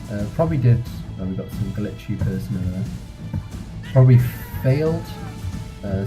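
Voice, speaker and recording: Over background music, a gameplay reviewer and commentator talks through a strategy game battle in a medium-pitched voice. He thinks out loud, rambling and correcting himself, and the audio quality is poor.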